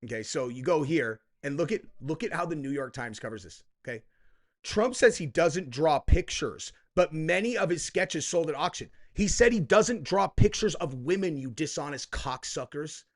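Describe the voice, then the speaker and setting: A man's voice: a little high, animated, normal speed. A man hosting heated political commentary, profane and combative, who keeps tagging his points with "okay?" and "dude.".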